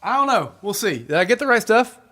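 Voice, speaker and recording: A man's voice: sits high, big pitch swings, a little fast, pushed and bright. A man hosting a weekly live concert stream, chatting casually and rambling with his viewers and laughing often.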